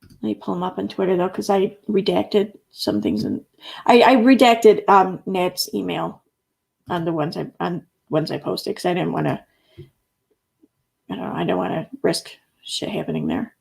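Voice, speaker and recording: A woman's voice: lowish voice, animated, moderate pace, vocal fry, a little mellow, slightly rough. A woman hosting a casual livestream, rambling and reading chat comments aloud, with the odd curse word. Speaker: livestream host.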